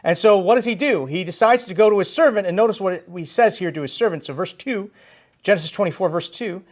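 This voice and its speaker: A man preaching a sermon in a church, animated and emphatic, stressing his key phrases. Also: sits high, fast talker. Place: church sanctuary.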